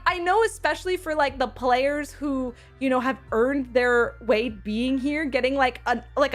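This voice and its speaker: A woman's voice: high voice, a bit bright. A woman streamer chatting casually with her viewers, bubbly and effusive, reacting to chat as she tells stories. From Seattle area.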